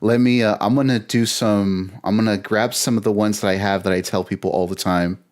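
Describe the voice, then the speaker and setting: A man's voice: on the low side, steady tone, a little fast, a little mellow. A man, a podcast guest, telling a casual rambling story with frequent restarts. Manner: rambling, with many restarts and laughter.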